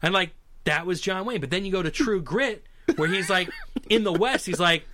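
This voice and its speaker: A man's voice: high voice, brisk, sharp tone, slight background noise. A man co-hosting a casual chat, joking and rambling through stories with many restarts.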